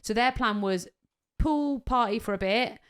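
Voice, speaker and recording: A woman tells a story in a casual podcast chat. She is animated and swears freely. She acts out what other people said along the way. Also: fairly high pitch, a little slow, smooth. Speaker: podcast co-host.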